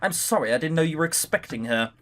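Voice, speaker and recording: A polite young hotel manager speaks in a nervous, apologetic tone, as a man reads him. His voice sits fairly high and moves around a lot. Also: animated, quick pace, fairly bright tone.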